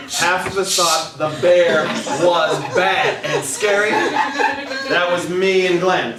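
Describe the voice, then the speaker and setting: A man with a fairly high voice rambles through an absurd improvised story, often breaking into laughs. He is heard from well back off the mic in a very echoey room. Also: distant mic. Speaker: comedian. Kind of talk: improvised comic slide-show story.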